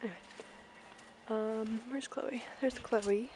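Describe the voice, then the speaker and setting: A woman's voice: mid-range voice, a little slow, background noise. A young woman casually vlogging an outdoor farm tour on a handheld camera, chatting and calling out to her ponies.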